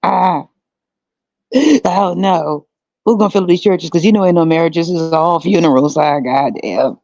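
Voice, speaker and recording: A woman's voice: on the low side, measured pace, creaky, darkish tone, dry recording, lo-fi sound. A woman in her thirties hosting a podcast, talking blunt and profane, mocking others and laughing. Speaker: podcast host. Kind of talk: casual solo commentary.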